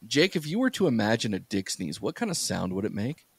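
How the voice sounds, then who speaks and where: A man with a low voice hosts a casual podcast. He talks in loose, rambling runs with plenty of fillers and restarts. The recording is dry and close to the mic. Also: big pitch swings, a little fast, slightly rough, no room sound. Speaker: podcast host.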